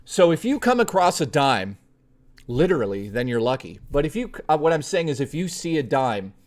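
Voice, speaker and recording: A man's voice: on the high side, very animated, moderate pace, a little mellow. A male streamer telling a story to his live chat in a blunt, profane, chatty way, speaking straight to his viewers.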